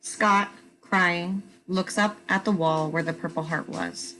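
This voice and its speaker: A woman reads audio description, giving the stage directions in a plain, even manner. Her voice sits on the low side. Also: takes it slowly, poor audio. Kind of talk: scripted narration of stage directions.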